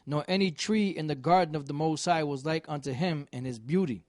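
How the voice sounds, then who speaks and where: A man reading scripture aloud slowly and deliberately for a study group. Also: a little high, a little mellow, dry recording, clean studio sound. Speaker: scripture reader.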